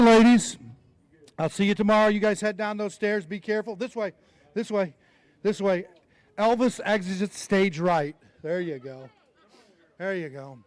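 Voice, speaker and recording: A high-voiced man emcees a fishing tournament weigh-in on an outdoor stage, joking and bantering with each angler as he announces the weights live. There's no room sound.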